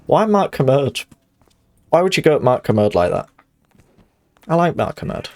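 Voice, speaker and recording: A man's voice: fairly high pitch, big pitch swings, moderate pace, pauses often, a little mellow, no echo. A man chatting casually while streaming a game, jokey and rambling, often laughing. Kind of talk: casual chat while gaming.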